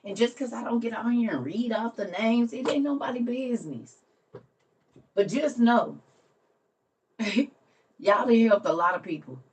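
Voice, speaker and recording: A woman who hosts a livestream and tells a story in a casual way. She laughs often and swings between soft, quiet lines and loud ones. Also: on the high side, expressive, measured pace, long pauses, far from the mic, slight background noise. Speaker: livestream host.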